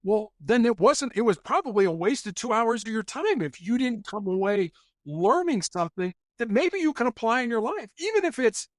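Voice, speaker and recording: A man's voice: extremely high pitch, normal speed, dry recording, studio quality. A middle-aged man, a former police officer, telling stories in a podcast interview and acting out bits of dialogue as he goes. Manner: animated, acts out quoted dialogue. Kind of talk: conversational storytelling.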